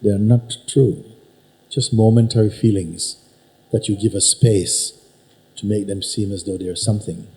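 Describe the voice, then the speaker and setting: A man teaching at a spiritual gathering, unhurried and emphatic, probing his listener with repeated questions. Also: on the low side, steady tone, warm tone, poor audio. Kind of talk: satsang teaching talk. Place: teaching hall with an audience.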